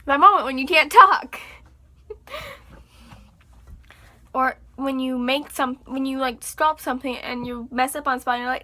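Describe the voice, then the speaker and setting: A young woman chatting casually to her viewers, animated and chatty, acting out exasperated reactions. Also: high voice, normal speed, long pauses. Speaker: vlogger. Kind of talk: casual chat to camera.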